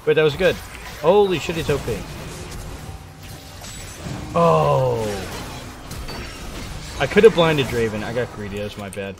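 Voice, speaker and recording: A young man giving playful, excitable live commentary on his own video game match, trash-talking and hyping himself up. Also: mid-range voice, measured pace, creaky, long pauses, music in the background. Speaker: gaming streamer.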